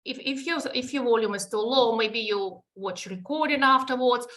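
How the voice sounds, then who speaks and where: A woman's voice: on the high side, moderate pace, fairly bright tone. A woman with a Russian accent, a native Russian speaker, presenting a live webinar and explaining step by step with frequent restarts and fillers.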